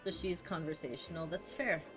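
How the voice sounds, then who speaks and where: A man's voice: a little high, moderate pace. A trans man streaming a role-playing game in casual chat, laughing, swearing and poking fun at himself. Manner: laughing, swearing, self-mocking. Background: game music.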